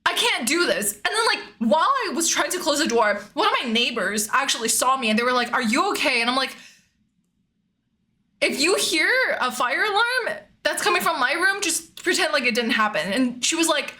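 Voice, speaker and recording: A young woman streamer tells a story in casual chat. Her voice is high and bright. She talks in an animated way, swears freely and laughs often. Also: normal speed.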